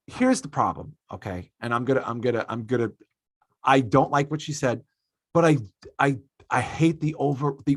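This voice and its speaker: A man's voice: medium pitch, fairly bright tone, no echo. A man hosting a podcast, ranting emphatically in casual opinionated chat and swearing freely. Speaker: podcast host.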